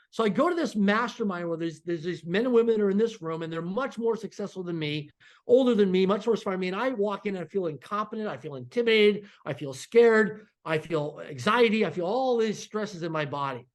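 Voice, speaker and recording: A middle-aged man talks quickly and with energy, the way a podcast guest tells his story. He slips into the voices of the people in his story and acts out their lines. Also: high voice. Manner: animated, acts out dialogue in quotes.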